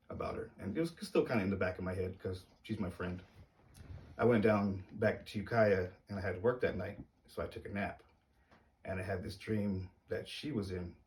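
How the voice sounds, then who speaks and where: A man telling a personal story to camera in a casual, hesitant way, uneasy and halting. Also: low-pitched, a little mellow, far from the mic.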